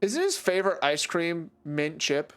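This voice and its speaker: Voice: mid-range voice, big pitch swings, a little slow, a bit bright. A video game streamer giving casual, joking live-stream commentary while teasing the chat.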